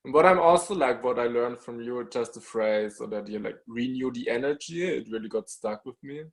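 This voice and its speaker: A man's voice: mid-range voice, brisk. A man interviewing a guest casually, speaking in brief, hesitant prompts full of fillers.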